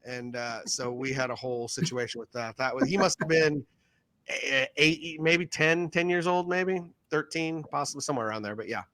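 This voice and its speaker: A man's voice: medium pitch, moderate pace, pushed and bright, dry recording. A male podcast co-host and father telling a rambling story, unsure of the details. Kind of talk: casual chat.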